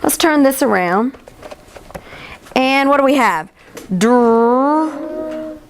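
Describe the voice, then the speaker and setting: A woman teacher leading a classroom phonics lesson, encouraging and stretching sounds out slowly. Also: high-pitched, animated, slight background noise.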